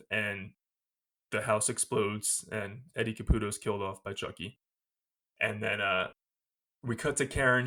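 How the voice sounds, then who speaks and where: A man hosting a podcast, retelling a movie scene by scene in a casual, animated way and laughing often. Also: on the low side. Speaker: podcast host.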